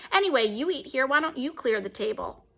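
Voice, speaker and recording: Sulky defiant little girl, read by a woman, sassy and lively; storybook. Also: high voice, fairly quick, full character voice. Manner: sassy, pouting.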